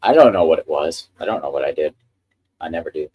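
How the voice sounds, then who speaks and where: A man's voice: rumbling low, animated, fast, darkish tone, slightly rough. A man hosting a casual live stream, chatting with enthusiasm about the printer he is handling. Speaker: livestream host.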